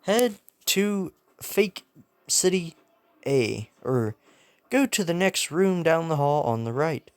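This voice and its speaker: A man voicing a loud, upbeat male teacher who talks like an announcer. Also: on the high side, very animated, slow pace, no echo, exaggerated voice.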